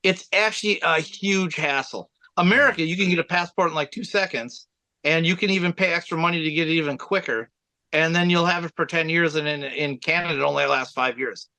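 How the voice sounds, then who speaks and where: Man, high-pitched, bright edgy tone, rambling storyteller, laughs while he talks, dry close sound. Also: fairly quick, no room sound. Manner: rambling, laughs while telling road stories. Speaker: band vocalist, guest. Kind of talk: casual storytelling.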